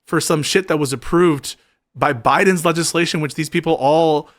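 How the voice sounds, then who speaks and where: A man hosting a casual political chat, earnest and halting, often restarting his sentences. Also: a little high, fairly bright tone, dry recording, studio quality. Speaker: show host.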